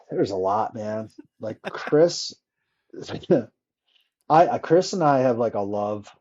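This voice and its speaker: A man, a former hockey player, telling stories in a casual interview, animated and swearing freely as he acts out old quotes. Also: medium pitch, slow, dull audio.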